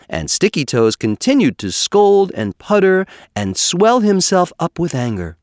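A man reading a children's animal story aloud with an expressive, measured storytelling manner. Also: mid-range voice, no room sound, studio quality. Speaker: narrator. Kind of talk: storybook narration.

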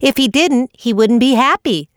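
Lady doing a giggly cheeky rabbit, bit higher, bouncy. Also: normal speed, no echo, clean studio sound, lightly acted. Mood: teasing. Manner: merry, teasing. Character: cheerful laughing young male rabbit.

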